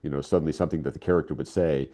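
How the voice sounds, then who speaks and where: A man's voice: very deep voice, very fast. An older man speaking as a guest writer in a casual interview, telling stories with enthusiasm. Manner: enthusiastic, animated storytelling.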